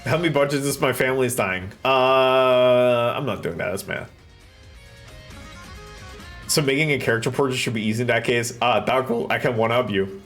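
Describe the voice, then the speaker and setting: A man's voice: medium pitch, moderate pace, fairly bright tone, faint music behind. A man streaming live from a home setup, chatting casually and rambling with jokes and bursts of swearing while he codes. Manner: rambling and jokey, with sudden swearing outbursts. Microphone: desk microphone close in front.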